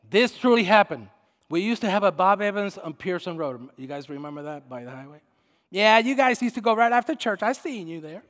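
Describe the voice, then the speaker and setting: A middle-aged man, a pastor preaching a sermon, swinging from shouted preaching to quiet storytelling. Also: high voice, expressive, fast talker. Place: church. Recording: long reverb of a church hall.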